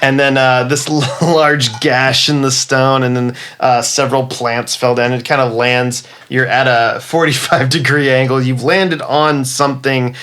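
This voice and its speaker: A man running a tabletop game, speaking at a middle pitch and narrating in a relaxed, halting way. He breaks off mid-sentence and laughs while he describes what is happening. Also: a little hiss or hum. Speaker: game master.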